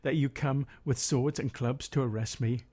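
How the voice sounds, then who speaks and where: A man voicing Jesus in a scripture reading, in a plain, measured reading voice. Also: mid-range voice, steady tone, a little mellow, close to an everyday voice. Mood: solemn. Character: Jesus, grave man praying and teaching.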